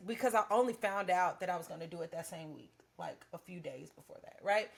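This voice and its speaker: A woman's voice: on the low side, moderate pace, creaky, few pauses. A woman co-hosting a podcast, chatting casually about faith and acting out her own prayers as she tells a story. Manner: animated storytelling, acts out prayers to God. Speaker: podcast co-host. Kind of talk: casual faith-based chat.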